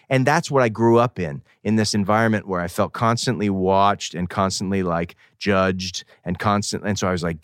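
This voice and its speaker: A middle-aged man from New England, a guest musician, telling rambling, animated stories full of self-corrections. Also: deep voice, brisk, few pauses, dry recording, studio quality. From New England, outside Boston. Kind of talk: casual interview talk.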